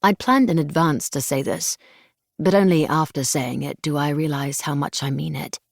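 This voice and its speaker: Audiobook narrator, woman, measured first-person read, husky, gravelly texture, dry booth. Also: sits low, no room sound. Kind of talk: scripted narration. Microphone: close studio mic.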